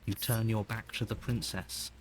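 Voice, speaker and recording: An actor voicing a calm male narrator in a video game, speaking in measured second-person narration. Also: lowish voice, noisy background, lightly acted.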